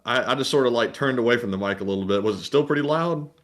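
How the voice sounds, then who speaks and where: A man co-hosting a live stream, reading out viewer donations and messages in a steady, matter-of-fact way. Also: medium pitch, quick pace.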